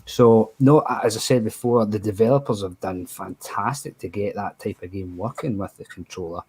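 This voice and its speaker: A man's voice: fairly low pitch, moderate pace, a little mellow, breathy edge, low-quality recording. A man talking as a panelist on a casual podcast, rambling with many fillers and restarts. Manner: rambling, with frequent "you know" fillers.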